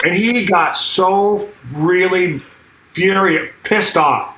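Middle-aged guy drummer telling a story, bright voice, roomy echo, bit of hiss. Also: high-pitched, slow. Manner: animated storyteller acting out quotes, swears freely. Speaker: guest drummer. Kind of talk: casual storytelling interview. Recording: echoey room with faint noise.

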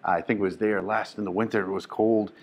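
A man in a club lobby talks quietly into the phone he is filming with, keeping his voice down because a show is on nearby. His voice sits a little low, and he chats loosely and rambles as he goes. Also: steady tone, a little fast. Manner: hushed, rambling, chatty. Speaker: comedian and show host. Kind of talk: casual chat.

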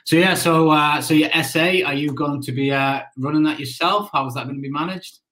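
A man's voice: fairly high pitch, brisk, bright, forceful tone, low-quality recording. A man as a guest in a casual chat, rambling and repeating words.

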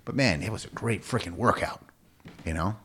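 An American man in his forties, a fitness coach, speaks casually and emphatically in an interview. His tone is fairly bright with a breathy edge, and he often repeats himself, his voice swinging quickly up to a high pitch.

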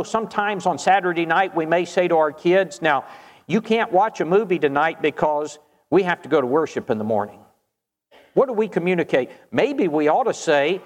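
A man's voice: fairly high pitch, in a large hall. A man preaching a sermon in an earnest, emphatic way, reading scripture aloud and addressing the congregation.

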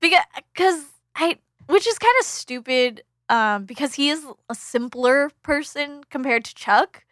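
Casting: bright, high-voiced woman who co-hosts and rambles with many fillers in a dry, close room. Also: lively intonation, a little slow, hardly any pauses, no room sound. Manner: rambling, filler-heavy, laughs often. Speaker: podcast co-host. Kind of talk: casual chat recapping a film.

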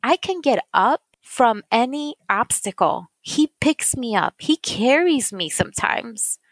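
A woman's voice: on the high side, expressive, measured pace, no room sound. A woman giving an emotional faith testimony in an interview, tearful and earnest, repeating phrases for emphasis. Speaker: guest sharing testimony.

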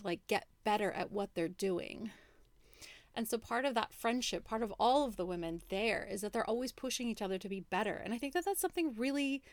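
Woman in her thirties, chatty podcast co-host, mid-pitched voice, dry close sound. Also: no echo. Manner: chatty, upbeat, lots of "like". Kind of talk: casual book club chat.

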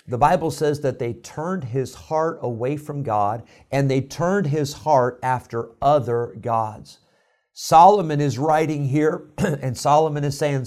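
A man preaching a sermon, emphatic and building to loud exhortation, with a tickle in his throat. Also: fairly high pitch, measured pace. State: throat-clearing, coughing. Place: indoor room.

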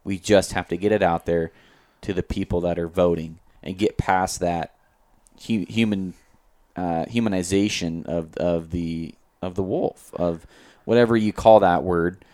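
A man in casual conversation who speaks in a measured, hesitant way and often restarts his sentences. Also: low voice, steady tone, warm tone. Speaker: podcast co-host. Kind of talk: casual chat.

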